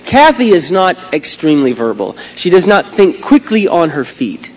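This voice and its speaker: A middle-aged man preaching a sermon as a pastor, swinging from quiet asides to loud, emphatic outbursts. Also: a little high, very animated, moderate pace. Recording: long hall reverb, faint hum.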